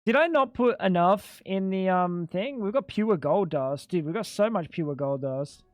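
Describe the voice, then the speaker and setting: High-voiced man streaming a game. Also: lively intonation, a little slow, no echo. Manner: chatty, swears a lot, keeps saying "dude". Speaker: gaming streamer. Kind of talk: casual live-stream game commentary.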